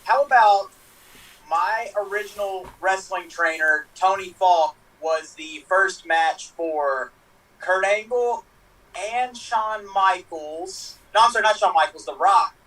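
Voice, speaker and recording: A man's voice: high-pitched, slow pace, pushed and bright. A man on a video call chatting casually as a contestant, easygoing and rambling. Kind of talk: casual chat. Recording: distant from the mic.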